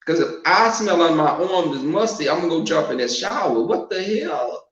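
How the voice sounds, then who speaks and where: A man's voice: on the high side, expressive, moderate pace, a bit bright. A man hosting a casual live-stream chat, frank and sassy as he talks straight to his viewers. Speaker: host of a live online show. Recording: echoey, dull-sounding room recording.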